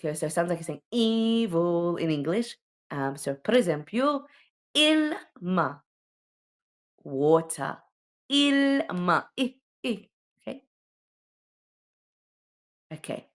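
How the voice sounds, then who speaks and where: A woman's voice: fairly low pitch, expressive, unhurried, pauses often, a little mellow. Chatty woman teaching letters. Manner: chatty, explains with repeated okays and ums. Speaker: homeschooling teacher. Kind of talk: casual alphabet lesson.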